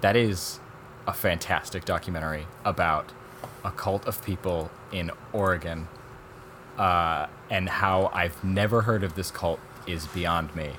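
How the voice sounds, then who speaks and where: A man with a low-pitched voice talks casually on a podcast, rambling through a documentary's story and acting out the people in it. There is a faint hum of noise behind him. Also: a little slow. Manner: rambling, animated retelling with quoted voices and laughs. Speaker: podcast co-host. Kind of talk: casual chat reviewing documentaries.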